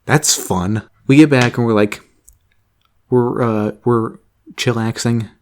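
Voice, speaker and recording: A man's voice: medium pitch, fairly even intonation, takes it slowly, a little mellow, a little hiss or hum. A young man telling a rambling, casual story, laughing often and swearing freely. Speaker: vlogger.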